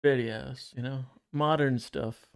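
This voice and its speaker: A man's voice: mid-range voice, fairly even intonation, takes it slowly, vocal fry, clear, resonant tone. A man co-hosting a casual podcast, chatting off on tangents and reading scripture aloud. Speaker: podcast co-host. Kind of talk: casual chat and Bible reading.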